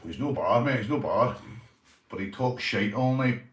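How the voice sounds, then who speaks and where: A man's voice: mid-range voice, lively intonation, moderate pace, very noisy. Northern Irish man, casual rambling vlog chat, swearing, roomy sound, mic at a distance. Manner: rambling, laughing, swearing, repeats "you know". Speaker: vlogger, police auditor.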